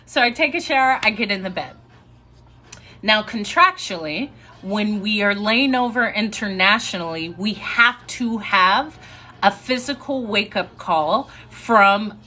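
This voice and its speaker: A young woman casually telling a story to a live audience, chatty and animated and laughing now and then. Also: fairly high pitch.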